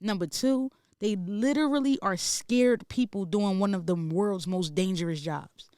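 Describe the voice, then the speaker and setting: A man's voice: high-pitched, a little slow, a little mellow, clear, resonant tone, no echo, clean studio sound. Heated profane podcast man. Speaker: podcast co-host. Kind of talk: casual podcast chat.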